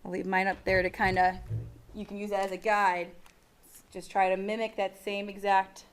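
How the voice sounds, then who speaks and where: A woman's voice: medium pitch, little pitch movement, moderate pace. A woman teaching a math lesson to a class in a patient, encouraging and casual way.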